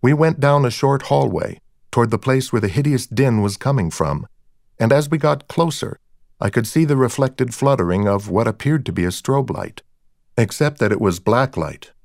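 A man's voice: medium pitch, expressive, moderate pace, creaky, a little mellow, no room sound, clean studio sound. Man narrating a wry audiobook. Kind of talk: first-person audiobook narration.

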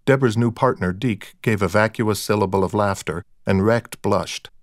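A man's voice: on the low side, moderate pace, no room sound. A man narrating a novel in the first person, with a dry, wry storytelling manner. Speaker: audiobook narrator.

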